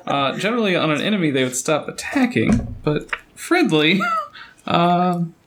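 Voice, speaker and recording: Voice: mid-range voice, sing-song, takes it slowly, noisy background. A player in a tabletop game describing their character's actions in a laid-back, amused way. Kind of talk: casual tabletop play.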